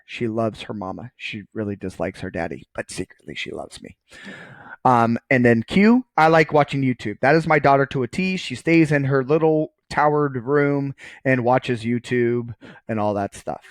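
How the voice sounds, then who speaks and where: A man's voice: mid-range voice, normal speed, no room sound. A man giving a recorded math lecture, casual and joking, often checking in with "okay" while writing on screen. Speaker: college math professor.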